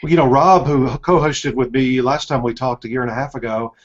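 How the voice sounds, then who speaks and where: A man's voice: medium pitch, fairly even intonation, fairly quick, a little hiss or hum. A man hosting an interview, asking questions conversationally and reading out viewer questions. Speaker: interview host, entertainment editor. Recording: muffled lo-fi audio.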